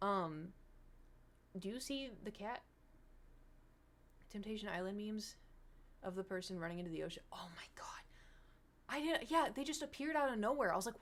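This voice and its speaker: A young woman chatting casually with viewers on a livestream, rambling and animated, slipping into mocking impressions. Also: medium pitch, normal speed, pauses often. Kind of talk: casual stream chat with viewers.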